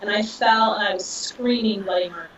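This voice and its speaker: A woman in her thirties, a podcast guest, telling a personal story in an emotional, animated way with laughter. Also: mid-range voice, a little fast, crowd noise. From Southern California. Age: 30s. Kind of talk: casual storytelling. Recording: dull, distant, roomy audio.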